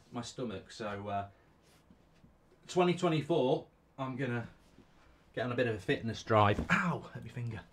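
A middle-aged man hosts a football watchalong live stream, chatting casually, reading out viewer comments and giving rambling, opinionated answers with many restarts. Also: mid-range voice.

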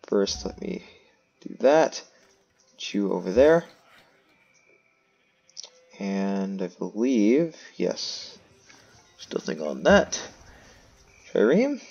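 A man's voice: on the low side, sing-song, very slow, vocal fry, pauses often, a little mellow, slightly rough, highs cut off. A man giving casual gameplay commentary, thinking aloud and making self-mocking asides. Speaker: let's play host.

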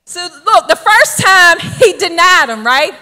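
High bright-voiced woman preaching. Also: big pitch swings, unhurried, long reverb tail. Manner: emphatic, keeps asking "right?". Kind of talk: sermon.

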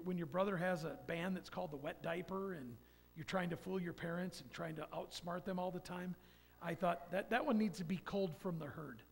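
A man's voice: high-pitched, creaky, a bit bright, in a large hall. A man giving an earnest personal testimony in a church, telling stories about faith. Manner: earnest, storytelling. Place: church sanctuary.

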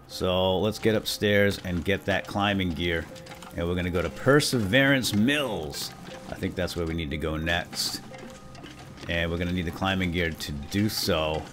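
A young man talking through a video game for his viewers, chatty and upbeat, with sudden loud excited exclamations. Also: deep voice, moderate pace. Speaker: gaming video host. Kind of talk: let's play commentary. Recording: soft game music behind.

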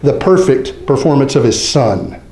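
A man preaching a sermon as pastor, joking and conversational, acting out quick mock voices. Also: medium pitch, very animated, mellow, echoey room, poor audio. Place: church sanctuary.

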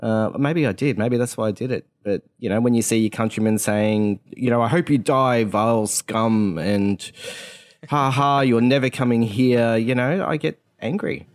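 A man's voice: mid-range voice, moderate pace, darkish tone. A man co-hosting a podcast over a video call, earnest and worked up, rambling in casual chat. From Australia. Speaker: podcast co-host.

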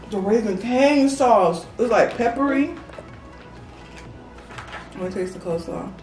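A woman's voice: on the high side, expressive, takes it slowly, long pauses, a little mellow. A woman talking casually about the food between bites in a mukbang video. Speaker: mukbang guest. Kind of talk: casual eating chat. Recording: roomy audio from a distant mic with faint music. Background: faint music.

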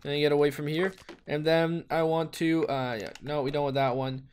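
A man hosting a gaming video, giving casual, excitable play-by-play commentary and exclaiming and swearing often. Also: a little high, normal speed, smooth. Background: faint background music.

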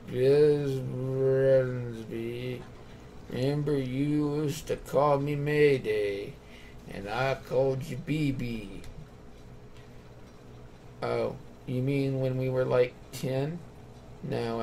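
A man's medium-pitched voice, gravelly yet mellow, carries over a slight hiss or hum. As a let's play gamer in a story game, he reads each character's dialogue aloud and then settles on which line to go with.

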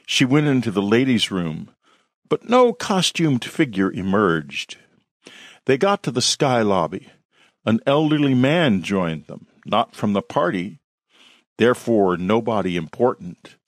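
A man reading his own horror story aloud in a slow, measured narration. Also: fairly low pitch, sing-song, no room sound, studio quality.

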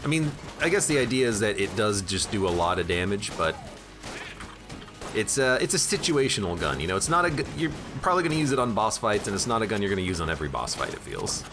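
A man's voice: on the low side, sing-song, fast, over music. A man giving casual, jokey gameplay commentary while streaming and chatting with his viewers. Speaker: streamer playing a video game.

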